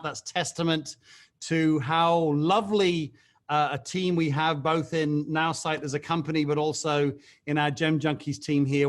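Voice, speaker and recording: Upbeat chatty man hosting a video call. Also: fairly high pitch. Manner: chatty, upbeat, self-mocking jokes, frequent fillers. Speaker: team call host. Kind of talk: energetic video call pep talk.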